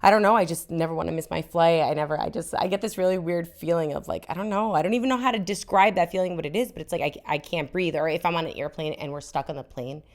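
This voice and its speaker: A woman in her thirties chats on a podcast in a fairly low voice. She is candid and swears freely. She acts out the scenes of her stories with plenty of animation. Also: quick pace, few pauses. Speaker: podcast co-host. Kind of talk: casual chat.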